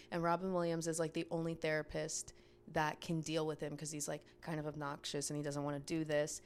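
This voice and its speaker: Laughing young woman, lowish voice. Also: flat delivery, a little fast. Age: young adult. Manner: laughs often, rambling retelling. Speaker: podcast co-host. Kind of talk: casual chat.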